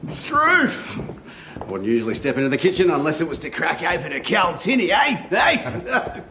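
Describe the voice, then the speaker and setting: A man's voice: a little high, wildly swooping pitch, normal speed, bright, forceful tone, slight background noise, full character voice. An actor playing a man who fakes a boisterous Australian farmer, with a put-on Australian accent and lots of laughing slang. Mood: hearty.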